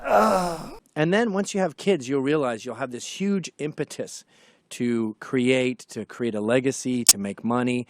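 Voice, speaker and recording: A middle-aged man giving a sarcastic, profane opinion monologue, swinging from quiet asides to shouting. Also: mid-range voice, normal speed. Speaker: commentator.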